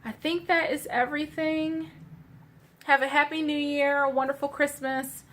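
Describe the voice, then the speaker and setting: A woman doing a casual card reading for her viewers, gentle and searching, with many fillers and restarts. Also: high-pitched, flat delivery, normal speed, slight background noise. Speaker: tarot card reader.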